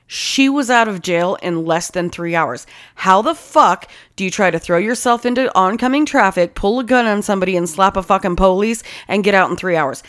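A woman at a middle pitch, talking casually and swearing through nearly every line. She tells a story with heat and animation, jumping between details as it spills out. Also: normal speed, hardly any pauses, fairly bright tone. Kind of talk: casual chat.

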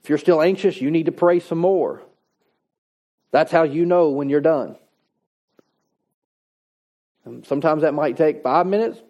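A man's voice: a little high, unhurried, pauses often, mellow. A man preaching a sermon in a conversational, folksy way, reading scripture and adding plain-spoken asides. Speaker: pastor.

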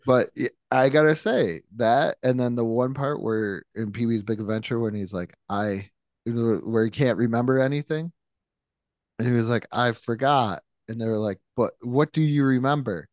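Male podcast co-host from New York, mid-pitched, dry close mic, rambling storyteller who laughs a lot. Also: moderate pace, a little mellow, dry recording. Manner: chatty and rambling, laughs often, acts out quotes. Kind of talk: casual chat.

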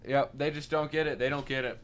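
Co-host, male; dry deadpan teasing, short quips. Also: mid-range voice, fast. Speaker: podcast co-host. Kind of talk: casual chat.

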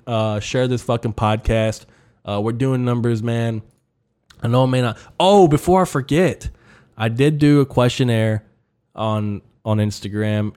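A man's voice: mid-range voice, darkish tone, clear, resonant tone. A man hosting his own comedy podcast in a solo monologue, ranting and rambling, swearing freely with lots of fillers. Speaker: podcast host.

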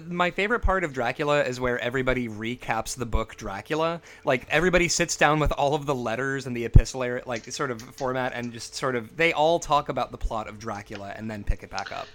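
A man co-hosting a casual podcast about old horror movies, enthusiastic and full of quick asides. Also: mid-range voice, a bit bright. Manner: enthusiastic, riffs with quick asides and silly quoted voices. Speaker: podcast co-host.

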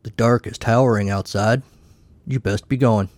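A man's voice: on the low side, fairly even intonation, normal speed, a little mellow, no room sound, natural voice. Guy doing a laid-back folksy cowboy drawl, dry close sound. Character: old-time cowboy stranger, calm, drawling, unflappable.

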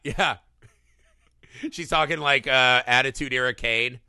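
A man co-hosting a casual podcast, reviewing a horror film with excited, profane enthusiasm and little acted-out bits. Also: mid-range voice, clear, resonant tone, no room sound, studio quality. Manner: excited, profane, acts out scenes in quick bursts. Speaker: podcast co-host.

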